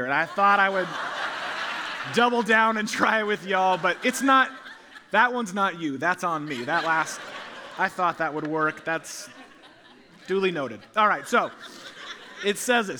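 A male pastor preaching in a church sanctuary, his voice high and bright. He moves between emphatic, rising passages and quiet, hushed ones, dropping humorous asides along the way. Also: slight background noise. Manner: animated, swings from loud emphatic to soft hushed delivery. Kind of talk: sermon.

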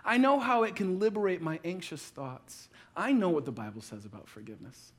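A man in his thirties preaching a sermon, playful and storytelling, acting out little everyday scenes with quick asides. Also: sits high, lively intonation, fairly bright tone. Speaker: pastor.

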